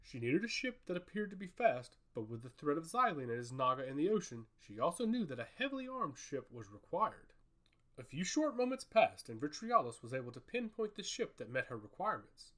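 A man reads a fantasy story aloud in a storybook style. His voice sits a little high for a man and moves through a wide, animated range of pitch as he narrates. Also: a little fast.

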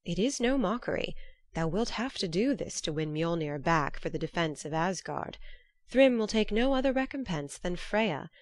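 A woman's voice: lowish voice, lively intonation, moderate pace, no echo, close to an everyday voice. A woman doing Loki, a sly trickster god. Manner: sly, mocking. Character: cunning scheming male trickster god.

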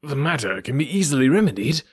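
A man's voice: mid-range voice, very animated, fast talker, slightly rough, no room sound, studio quality, voice pushed up. A man voicing an agitated, browbeaten headmaster who talks in a flustered, pleading way.

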